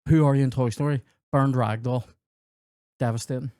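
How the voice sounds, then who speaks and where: A man's voice: mid-range voice, steady tone, normal speed, warm tone, clean tone, no echo, studio quality. A man, a comedy podcast host telling rambling, sweary childhood anecdotes and acting out the dialogue. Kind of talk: casual storytelling chat.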